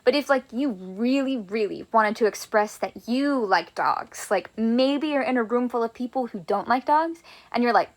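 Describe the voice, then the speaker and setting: A woman teaching a Spanish grammar lesson, upbeat and encouraging, slowing down to draw out her examples. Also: fairly high pitch.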